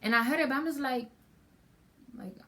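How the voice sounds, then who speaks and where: A woman's voice: high-pitched, normal speed, a bit bright. A teenage girl chats to her channel, telling a story in a loose, rambling way. She keeps stopping to restart her sentences, and she fills the gaps with "like" and "um". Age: teens. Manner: chatty, rambling with many fillers and restarts. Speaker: vlogger. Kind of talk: casual storytime chat.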